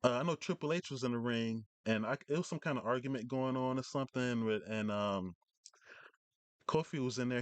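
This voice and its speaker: A man's voice: mid-range voice, fairly quick, clear, resonant tone, no echo. A man hosting a casual live stream, rambling through news with many fillers and restarts from his home setup.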